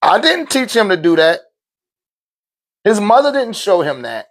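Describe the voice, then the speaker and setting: Male spiritual teacher, 30s, high voice, casual streetwise lecture style. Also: unhurried. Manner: animated, swings into loud shouted quotes; laughs often, swears, street slang.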